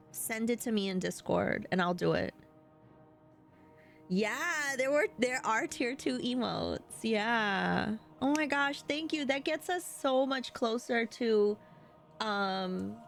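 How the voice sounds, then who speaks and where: Woman, New York accent, unhurried talk, casual live-stream chat, faint music behind. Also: medium pitch. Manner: chatty, answers chat, laughs often.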